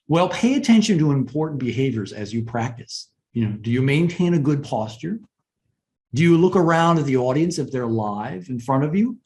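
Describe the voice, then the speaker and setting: A man giving a webinar lesson on presentation skills in a conversational way, often asking "right?" and pausing to stress points. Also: fairly high pitch, a little mellow.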